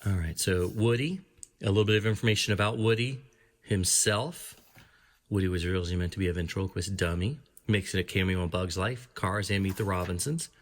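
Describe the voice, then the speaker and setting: A man's voice: low-pitched, brisk. A man hosting his own channel, casually reviewing a book as he flips through it, reading entries aloud with small asides. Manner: chatty, reads entries aloud, small laughs. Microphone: camera framing his hands and a book.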